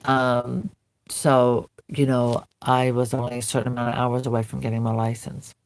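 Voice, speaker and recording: A woman's voice: extremely low pitch, flat delivery, moderate pace, darkish tone. A woman vlogger earnestly recounting a painful memory, telling it in vivid present tense. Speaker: doll collector vlogger. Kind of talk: personal storytelling to camera.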